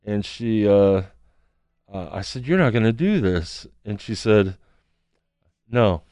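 Smooth-voiced man telling a story. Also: fairly low pitch, slow, dry recording, clean studio sound. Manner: animated storyteller acting out quotes. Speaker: street counselor. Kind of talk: storytelling testimony.

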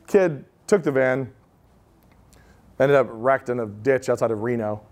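Man in his thirties, live talk, chatty storytelling, asides, mid-pitched voice. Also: measured pace, long pauses, darkish tone. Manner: conversational storytelling, many "like" asides. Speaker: speaker at a live event. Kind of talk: informal talk with audience Q&A.

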